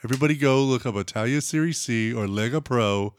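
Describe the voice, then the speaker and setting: A man's voice: mid-range voice, quick pace, no room sound. A young man with a mid-range voice chats on a podcast, joking around and finishing his co-host's sentences. The sound is dry and close to the mic. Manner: playful, jokey, finishes his partner's sentences. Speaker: podcast co-host. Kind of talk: casual chat.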